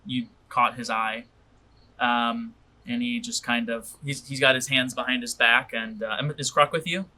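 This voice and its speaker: A man runs a tabletop game and narrates the scene in a relaxed way. He uses plenty of fillers. His voice is bright and forward. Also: medium pitch, a little slow. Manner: casual, loose narration full of fillers. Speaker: game master.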